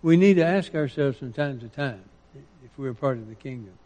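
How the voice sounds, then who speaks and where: A man preaching a sermon, quoting scripture with rising emphasis and dropping into quiet asides. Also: medium pitch, lively intonation, moderate pace, long reverb tail.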